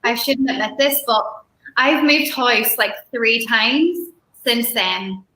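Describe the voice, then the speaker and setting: A woman guest telling stories in a relaxed chat, laughing often. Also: a little high, slow, reverberant, a little hiss or hum, low-quality recording. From Ireland. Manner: chatty storyteller, laughs often. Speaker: guest musician. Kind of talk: casual chat on a live stream.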